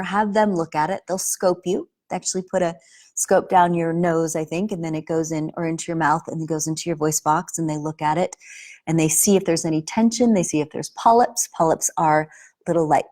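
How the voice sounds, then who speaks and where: A woman's voice: lowish voice, a little mellow. A woman acting teacher giving a casual spoken lesson to camera, earnest and explanatory, often restarting her sentences.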